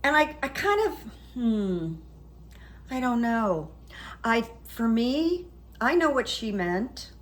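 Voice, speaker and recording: A woman's voice: fairly high pitch, big pitch swings, takes it slowly. A middle-aged woman, a psychic, chatting casually on her vlog in a rambling, storytelling way full of fillers. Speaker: psychic YouTuber.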